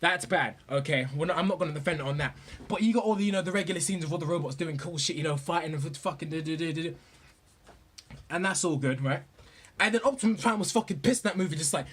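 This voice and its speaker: A young man gushing about movies in a profane, rambling, excited rant. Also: on the high side, fast talker, breathy edge. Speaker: vlogger.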